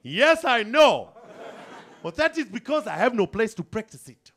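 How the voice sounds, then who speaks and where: A man voicing a smug, bigoted male elephant with a South African accent, talking in slow, stiff, deadpan admissions. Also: very high voice, shouting, voice pushed up, heavily acted.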